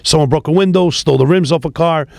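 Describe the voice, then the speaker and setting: Gravelly New man telling street stories. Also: a little high, fast talker, dry recording, studio quality. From New York City. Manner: profane, animated street storytelling. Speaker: tow business founder, guest. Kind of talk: casual storytelling interview.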